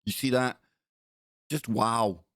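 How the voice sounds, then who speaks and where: A man's voice: medium pitch, fairly even intonation, takes it slowly, fairly bright tone, a little hiss or hum. A man hosting a talk show, commenting indignantly and sarcastically on news clips and often repeating himself. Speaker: host.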